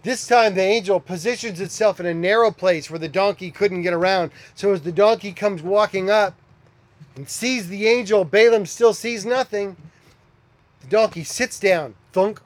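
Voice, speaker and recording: A man preaching a sermon as a pastor, conversational, with animated storytelling. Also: sits high.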